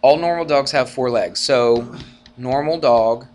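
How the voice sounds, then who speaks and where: A man's voice: medium pitch, unhurried. A man teaching a college algebra class in a casual, conversational way, often checking in with students through rhetorical questions and acting out arguments with rising energy. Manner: animated, acts out arguments in a rising voice. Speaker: math teacher. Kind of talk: classroom lecture.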